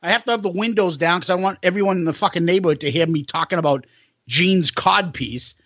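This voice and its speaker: A man's voice: sits high, fast talker, a bit bright, no echo. A man co-hosting a casual podcast, loose and joking, swearing casually. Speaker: podcast co-host.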